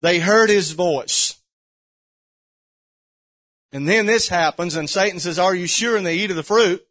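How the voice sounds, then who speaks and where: A man preaching a sermon, fervent and building to shouts with repeated questions. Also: high-pitched, a little slow.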